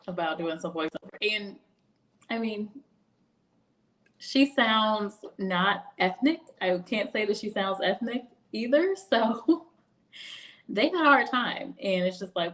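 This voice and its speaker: A young woman talks casually on a livestream, laughing often as she drifts into personal stories. Her pitch sits in an ordinary middle range. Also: expressive, takes it slowly, pauses often, a bit bright. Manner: chatty, laughs often, storytelling asides. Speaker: career video host.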